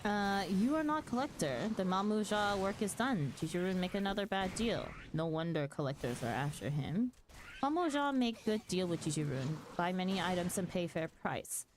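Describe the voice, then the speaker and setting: A woman's voice: on the low side, big pitch swings, normal speed, slight background noise. Blunt lizard-man warrior chief, male, broken clipped speech, stern; read by a woman. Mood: stern, proud. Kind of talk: reading game dialogue aloud.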